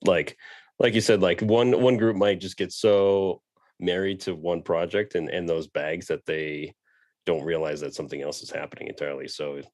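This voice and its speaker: A man's voice: extremely low pitch, no echo. A man in his thirties speaking on a virtual panel, casual and self-deprecating with lots of fillers.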